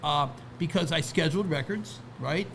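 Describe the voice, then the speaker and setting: Gravelly man rambling in conversation. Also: fairly high pitch, normal speed, fairly bright tone, slight background noise. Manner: rambling, many restarts and "right?" asides. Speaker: guest, record label founder. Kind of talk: casual interview talk.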